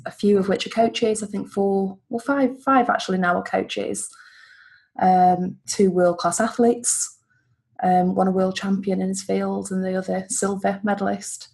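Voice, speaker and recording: A woman's voice: mid-range voice, little pitch movement, unhurried, vocal fry, a little mellow, husky. A woman from the United Kingdom, a life coach being interviewed over a video call, chatty and upbeat. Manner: chatty, upbeat, self-correcting. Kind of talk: casual interview answers.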